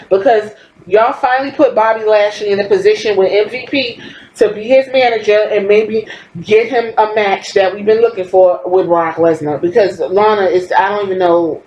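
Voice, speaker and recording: A woman in her thirties talks casually and bluntly, swearing freely as she gives her opinions. Her voice sits at an ordinary middle pitch. The recording is roomy, with faint ambience behind her. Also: a little mellow, slight background noise. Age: 30s. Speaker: podcast host. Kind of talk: casual wrestling commentary. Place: home.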